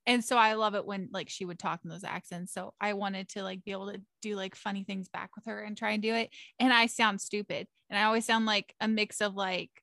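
A woman's voice: mid-range voice, fairly even intonation, brisk, creaky, hardly any pauses, a bit bright, no room sound, clean studio sound. A young woman co-hosting, talking casually with lots of fillers and giggles. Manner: rambling, filler-heavy, giggly. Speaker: podcast co-host. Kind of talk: casual chat.

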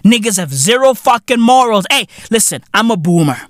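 A man in his thirties hosting a podcast, ranting loudly in a profane comedic style and peppering his lines with "right?" and "bruv". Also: sits high, very animated, brisk, no room sound. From South Africa. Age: 30s. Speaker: podcast host.

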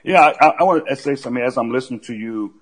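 A man's voice: mid-range voice, quick pace, rough recording. A man co-hosting a podcast who reacts with frequent "wow"s and encouraging praise. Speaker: podcast co-host. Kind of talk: casual chat.

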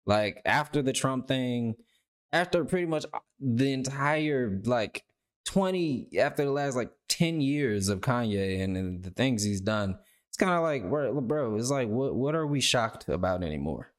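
A man's voice: mid-range voice, lively intonation, a little slow. A man hosting a reaction video, talking loosely and rambling with lots of filler words. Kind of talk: casual reaction commentary.

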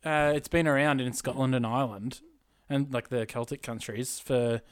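Casual male podcast co-host, laughs a lot, trails off mid-thought, mid-range pitch. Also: fairly even intonation, moderate pace, clean tone, no echo, clean studio sound. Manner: chatty, laughs often, trails off mid-sentence. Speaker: podcast co-host presenting facts. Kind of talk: casual chat.

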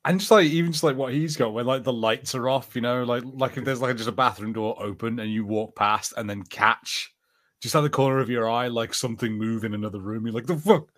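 A man's voice: medium pitch, steady tone, fairly quick, a bit bright, dry recording, studio quality. A young man with a Northern English accent, co-hosting a podcast in casual chat, full of fillers and restarts. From Northern England. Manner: chatty, lots of fillers and restarts. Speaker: podcast co-host.

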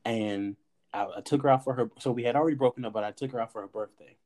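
A podcast host tells a personal story in a casual, animated chat, acting out the dialogue he quotes and swearing here and there. His voice is medium in pitch and he talks quickly.

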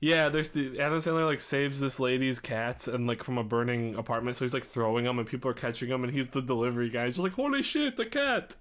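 A man's voice: mid-range voice, fairly even intonation, fast, hardly any pauses, fairly bright tone, clear, resonant tone. A young man, a podcast co-host chatting casually and swearing a lot as he rambles. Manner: rambling, swears a lot, acts out movie quotes. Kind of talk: casual chat.

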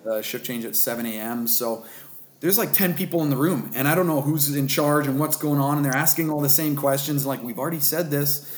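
A man in his thirties with a fairly high voice tells a story in a relaxed, chatty way. He acts out what everyone said in quick little voices and laughs at himself as he goes. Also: echoey room. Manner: animated, acts out dialogue, self-deprecating laughs. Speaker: guest telling a birth story. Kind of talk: casual storytelling.

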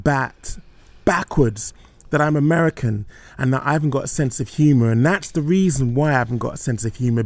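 Guy hosting a podcast, gravelly voice, earnest and halting, lots of restarts. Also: mid-range voice, a little mellow, dry recording. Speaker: podcast host. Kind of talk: casual podcast chat.

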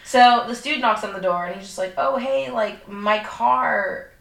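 A woman's voice: fairly high pitch, unhurried, gravelly, crowd noise. A young woman co-hosting a podcast, retelling a movie plot in casual, profane chat, full of fillers. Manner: profane, animated storytelling with lots of fillers. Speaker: podcast co-host. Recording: echoey room.

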